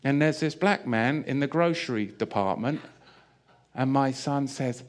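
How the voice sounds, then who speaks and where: A man preaching, telling a funny personal story with animated delivery and frequent laughter. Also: medium pitch, unhurried. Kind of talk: sermon with humorous personal anecdote.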